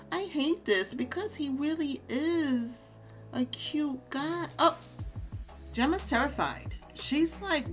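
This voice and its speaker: A woman hosting a casual game let's play, chatting to viewers and reacting out loud to the game. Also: high-pitched, lively intonation, takes it slowly, soft background music.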